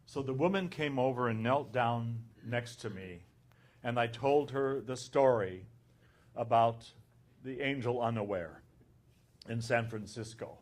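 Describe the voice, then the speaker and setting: A man who is an abbot, telling an anecdote in a conference talk and recounting the dialogue in an unhurried way. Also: mid-range voice.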